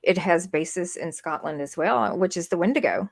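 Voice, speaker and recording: A woman's voice: fairly low pitch, expressive, moderate pace, gravelly. A woman from the United States co-hosting a podcast, thinking aloud in a rambling, casual way. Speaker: podcast co-host. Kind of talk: casual chat.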